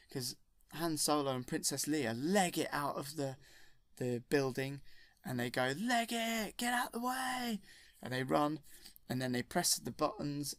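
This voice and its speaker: A man's voice: medium pitch, no echo. A man rambling enthusiastically through a film retold from memory, correcting himself as he goes. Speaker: storyteller.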